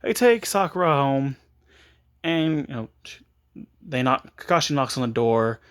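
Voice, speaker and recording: A man casually makes up a story as he goes, rambling and restarting his sentences. His voice sits at a middle pitch but swings widely up and down. He talks in an offhand, chatty way. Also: lively intonation, measured pace, fairly bright tone. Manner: rambling, with frequent restarts and chuckles. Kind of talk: casual improvised story retelling.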